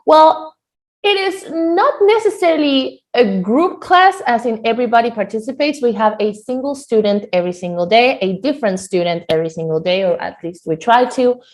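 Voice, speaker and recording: A woman teaching a live online Spanish lesson on a video call, lively and quick to laugh. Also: fairly high pitch.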